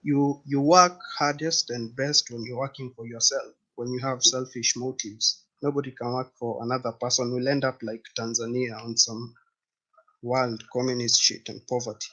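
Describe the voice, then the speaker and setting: A man's voice: medium pitch, level tone, moderate pace, bright, forceful tone. A man on a casual group call, giving blunt, opinionated views. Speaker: guest.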